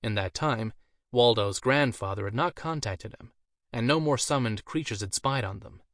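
A man's voice: medium pitch, normal speed, fairly bright tone, dry recording. Man narrating a fantasy story, dry. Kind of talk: audiobook narration.

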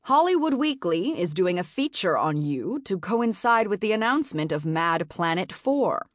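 A woman's voice: fairly low pitch, very animated, normal speed, no echo, studio quality. A woman voicing a domineering female talent manager with a harsh, nasal, authoritative voice, as in a read-aloud novel. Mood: cold, commanding. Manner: curt, authoritative.

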